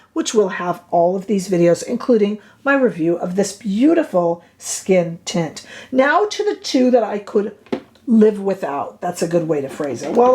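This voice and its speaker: This beauty reviewer has a medium-pitched, darkish voice as she casually goes over makeup products in a vlog. She's chatty and opinionated, tossing in playfully dramatic asides.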